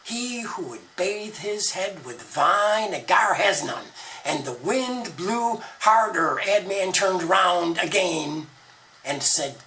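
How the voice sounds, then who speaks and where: A man's voice: high-pitched, expressive, slow, pushed and bright, recorded from a distance, poor audio. A man retelling an ancient story as a monologue, with playful wordplay. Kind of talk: retold scripture as a spoken monologue.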